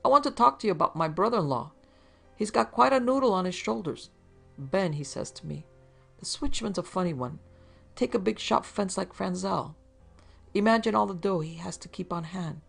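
A woman's voice: mid-range voice, animated, normal speed, gravelly, a bit bright, slightly rough, soft background music, voice pushed up, full character voice. A woman voicing a wisecracking male detective who talks his way out of trouble in a breezy, bluffing manner. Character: wisecracking male detective's sidekick, quick-witted.

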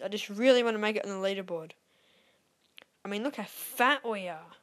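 Squealing whenever she wins and whispering in tense moments, this woman provides lively live commentary on her gameplay as a YouTuber. She speaks briskly at a medium pitch.

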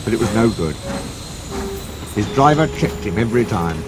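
A man's voice: on the low side, moderate pace, heavy background noise. Man reading a storybook aloud. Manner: lively, expressive reading. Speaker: narrator. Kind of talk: storybook narration. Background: music.

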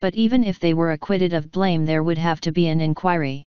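Very clear woman audiobook narrator. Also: low voice, fairly quick, no room sound, muffled recording. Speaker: audiobook reader.

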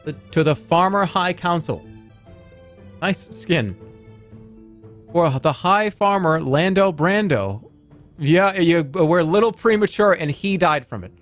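Man reacting loudly while streaming a game. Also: on the high side, lively intonation, soft background music. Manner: joking, reacting fast, reading chat aloud. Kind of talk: casual gaming stream chatter.

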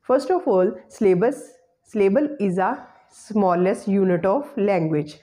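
Woman teaching pronunciation, mellow voice. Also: medium pitch. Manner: repeats example words slowly and carefully; formal teacherly address. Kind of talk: spoken English lesson.

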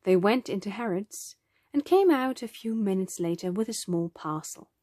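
A woman narrating a children's storybook in a gentle, expressive way. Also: medium pitch, normal speed, no room sound, clean studio sound.

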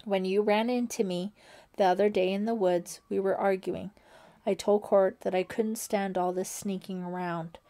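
A woman voicing a secretive, defensive teenage boy counselor in an audiobook, gruff and loud. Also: medium pitch, steady tone, moderate pace, close to an everyday voice. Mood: pleading.

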